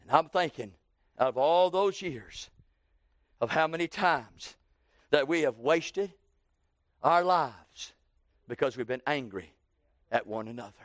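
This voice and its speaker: A man in his sixties preaching a sermon, slowing down for emphasis and breaking into loud acted quotes. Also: a little high, lively intonation, no room sound, clean studio sound.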